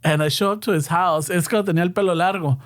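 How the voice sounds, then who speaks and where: A man's voice: high voice, rapid-fire. A young man, chatting casually as a podcast co-host and telling stories full of swearing while switching between English and Spanish. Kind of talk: casual chat.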